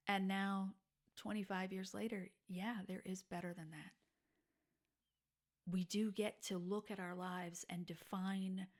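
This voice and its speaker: In her forties, a woman hosting a podcast shares candid, thoughtful personal stories, sometimes dropping to a breathy, near-whispered hush. Her voice is medium in pitch.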